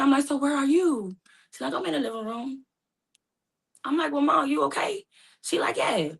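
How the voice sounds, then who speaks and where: A woman's voice: on the high side, pushed and bright. A young woman in an emotional personal storytelling talk, acting out both sides of her phone calls. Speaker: guest telling her story.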